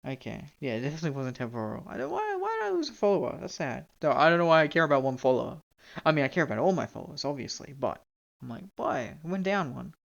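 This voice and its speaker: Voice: medium pitch, quick pace, creaky, fairly bright tone, highs cut off. A young-adult game streamer from Canada, chatting casually, rambling, self-mocking and swearing freely. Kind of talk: casual live-stream chat.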